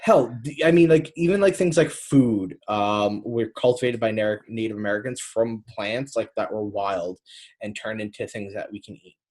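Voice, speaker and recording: A man's voice: on the low side, normal speed, a little mellow. A man co-hosting a casual podcast, talking loosely with many hesitant fillers. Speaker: podcast co-host.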